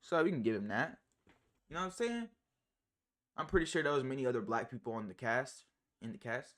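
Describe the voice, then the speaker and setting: A man streaming live and reacting to clips in casual chat, slangy and profane, rambling with many fillers and big jumps in pitch and loudness. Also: animated, fairly quick.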